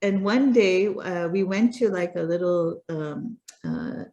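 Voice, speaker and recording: A woman's voice: on the low side, takes it slowly, warm tone, highs cut off. A middle-aged woman with an American accent tinged with Pakistani, telling stories as an interview guest in a casual, chatty way full of fillers and restarts. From United States. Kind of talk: casual conversational storytelling.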